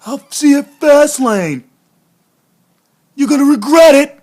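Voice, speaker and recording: A man putting on a taunting, pumped-up male wrestler, shouted and high. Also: animated, measured pace.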